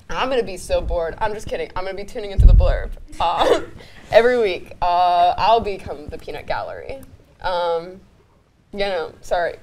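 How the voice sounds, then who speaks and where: A woman's voice: lowish voice, animated, fairly quick, a little mellow, a little hiss or hum, poor audio. A young woman producing a student TV show, giving a rambling farewell speech while crying, apologizing and laughing through tears, with many ums. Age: young adult.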